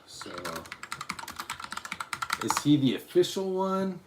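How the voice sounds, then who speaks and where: A man's voice: high voice, expressive, slow, a little mellow. Rambling man chatting with his stream. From Utah, USA. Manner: rambling, talks straight to chat with restarts. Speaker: live streamer reading chat. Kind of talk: casual live-stream chat.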